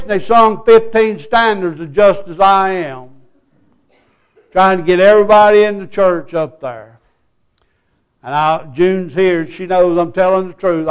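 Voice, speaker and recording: An older man preaching a sermon, telling folksy stories and breaking into loud whoops. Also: sits high, measured pace, smooth.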